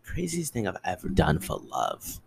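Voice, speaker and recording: A low, gravelly, husky male voice with wildly swooping pitch speaks at normal speed. He's a young man in his twenties alone on his podcast, dramatically recounting personal stories with casual swearing and answering his own questions in a monologue.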